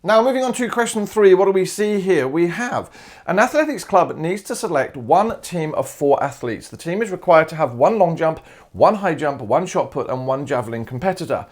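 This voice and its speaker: An Australian man with a voice pitched a little higher than most men's, working through exam solutions as a maths teacher. He talks casually and thinks out loud, correcting himself and tossing in asides like "all right" as he goes. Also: animated, moderate pace. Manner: chatty, informal, talks himself through each step.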